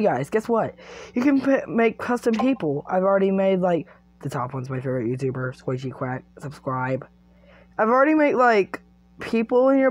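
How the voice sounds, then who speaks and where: A teenage boy hosting his gaming channel at home, chatting playfully through an earbud microphone while he reads game text aloud and reacts quickly to it. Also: sits high, dry recording. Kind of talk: casual gameplay commentary.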